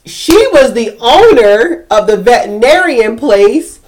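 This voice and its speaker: A woman co-hosting a podcast, telling a story in casual chat, animated and emotional, sometimes breaking into yelling. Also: a little high, a little slow. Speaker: podcast co-host.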